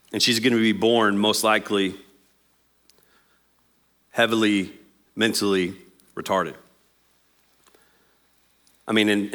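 A man, preaching a sermon as pastor in an animated, jokey way and acting out quotes. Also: fairly low pitch.

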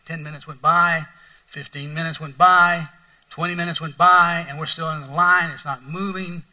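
Middle-aged male pastor, high voice, folksy sermon storyteller, heard a bit off-mic. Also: fairly even intonation, normal speed, sharp tone, far from the mic, rough recording. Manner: folksy, repetitive, rising to mock outrage.

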